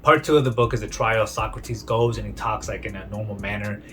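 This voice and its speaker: A man's voice: lowish voice, fairly even intonation, fairly quick, a bit bright, soft background music. A young man casually summarizing a book he read, in a chatty retelling full of "he's like" and restarts. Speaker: book reviewer.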